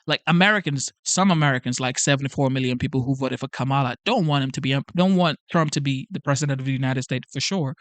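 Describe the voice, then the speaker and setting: A man's voice: medium pitch, quick pace, few pauses, no echo. A Nigerian man with a Nigerian accent hosting a livestream, rambling casually and reading out viewer comments, with lots of "like" and "okay?". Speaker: livestream host.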